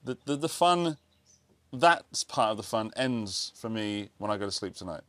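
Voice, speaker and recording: A man's voice: on the low side, lively intonation, normal speed, no room sound. Wry-humored man co-host. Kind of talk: casual chat.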